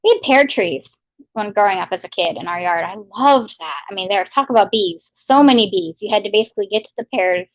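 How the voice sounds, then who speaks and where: A woman's voice: medium pitch, no room sound. A woman hosting a casual livestream, chatting and reading viewer comments aloud with upbeat greetings. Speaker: livestream host. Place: home in Maryland. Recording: slightly muffled, dry lo-fi sound.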